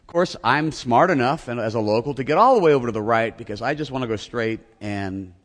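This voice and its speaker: Animated male pastor in a reverberant hall. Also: medium pitch, quick pace. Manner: animated storytelling, self-mocking, acts out shouting. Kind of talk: sermon.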